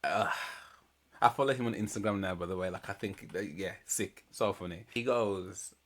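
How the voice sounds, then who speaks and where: Chatty low-voiced man. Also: normal speed. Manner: chatty, slangy, animated retelling with laughs. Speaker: reaction channel host. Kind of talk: casual reaction commentary.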